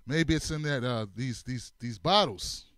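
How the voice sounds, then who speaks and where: A man hosting a comedic political commentary show, animated, repeating his phrases and laughing often. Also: mid-range voice, a little slow, dry recording. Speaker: host.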